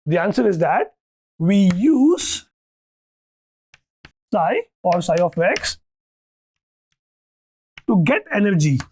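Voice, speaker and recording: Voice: mid-range voice, big pitch swings, slow, pauses often, a little mellow, a little hiss or hum. Lecturer checking in with "okay, right?". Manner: thinks aloud with restarts and fillers. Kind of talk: university lecture.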